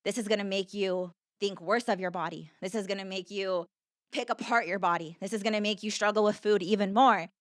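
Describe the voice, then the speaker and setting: A woman's voice: mid-range voice, fairly even intonation, a little fast, dry recording, studio quality. A young woman, a podcast guest, telling her story in an earnest, conversational way, repeating herself and filling with "like".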